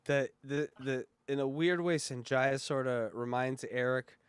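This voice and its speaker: A man hosting a podcast, commenting on an old radio clip in a rambling, animated way, with swearing. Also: mid-range voice, a little slow, smooth, no echo. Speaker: podcast host. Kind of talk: casual commentary.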